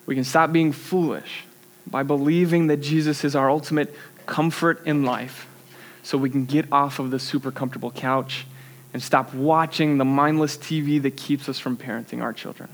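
A man's voice: medium pitch, fairly even intonation, moderate pace. A young man preaching a sermon in a church, earnest and conversational, with self-deprecating asides.

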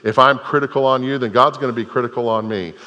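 A man's voice: mid-range voice, fairly even intonation, fast, sharp tone, in a large hall. A man preaching a sermon as a pastor, earnest, repeating phrases for emphasis.

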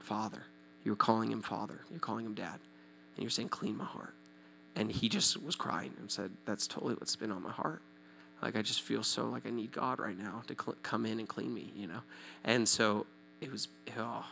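A male pastor in his thirties from Southern California, telling a story in a sermon, animated and acting out the voices of the people in it. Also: on the low side, gravelly, slight background noise. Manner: animated, acts out quoted voices, checks in with the audience.

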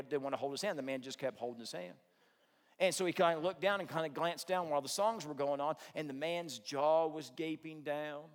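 A man preaching a sermon, telling a story with earnest, animated delivery. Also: a little high. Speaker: pastor. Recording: long hall reverb.

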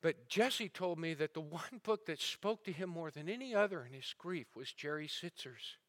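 A male pastor preaching a sermon, telling stories with swings between building intensity and a hushed, somber tone. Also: fairly high pitch, animated, normal speed. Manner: dramatic storyteller, rising and falling intensity. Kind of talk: sermon storytelling. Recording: sermon audio recording.

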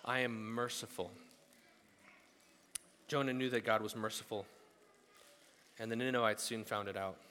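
A male pastor preaching a sermon at a church service, telling the story casually with animated asides. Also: lowish voice, a little fast, pauses often, slight background noise. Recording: long hall reverb.

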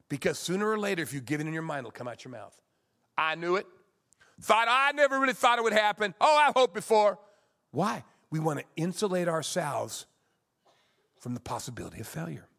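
Older preacher guy, high voice, punchy sermon delivery, loud then hushed. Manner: emphatic preaching with sudden loud and soft swings. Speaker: pastor.

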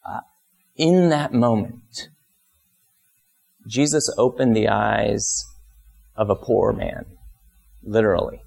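A pastor giving a conversational sermon, telling stories and briefly acting out the people in them. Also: male voice, slow, creaky, pauses often, darkish tone, slightly rough. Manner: conversational storytelling, acts out voices with big pitch jumps.

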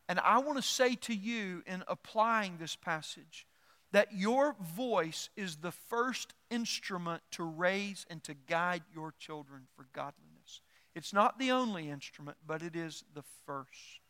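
A middle-aged man, a pastor, preaching a sermon, animated and emphatic, repeating words as he builds his point. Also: sits high, smooth. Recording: long hall reverb.

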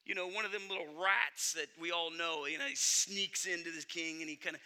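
A man's voice: fairly high pitch, fairly even intonation, brisk, sharp tone, clean tone. A male pastor preaching a sermon in an earnest, emphatic way, speaking directly to his congregation.

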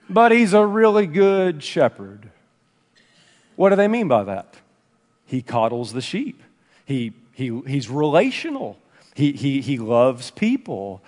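A man preaching a sermon in a church, emphatic, swinging between loud and hushed delivery. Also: high-pitched. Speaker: pastor. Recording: long reverb from a large room.

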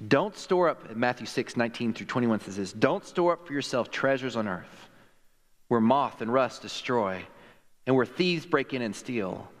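A man's voice: medium pitch, expressive, moderate pace. A male pastor preaching a sermon in a conversational, emphatic way, acting out quotes in the stories he tells. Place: church sanctuary. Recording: long hall reverb.

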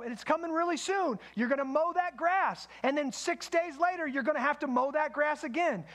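A man's voice: extremely high pitch, fairly bright tone. A man preaching a sermon in a conversational way, with asides to the congregation. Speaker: pastor.

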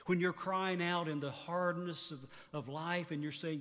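Man in his fifties preaching, somewhat high voice, long church reverb, earnest rising and falling delivery. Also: normal speed, few pauses, fairly bright tone. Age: 50s. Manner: earnest preaching, voice rising on exhortations and dropping low at phrase ends. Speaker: pastor. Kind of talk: sermon.

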